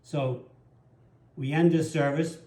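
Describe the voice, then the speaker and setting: Earnest pastor in an echoey room. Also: male voice, a little high, steady tone, slow, warm tone. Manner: earnest, personal storytelling. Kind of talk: sermon. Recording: roomy echo.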